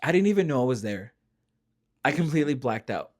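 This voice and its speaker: A man's voice: mid-range voice, very animated, brisk. Earnest man sharing a heartfelt story. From Spanish-speaking family background. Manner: earnest, drops to near-whisper when quoting. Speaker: podcast co-host. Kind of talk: casual heartfelt chat.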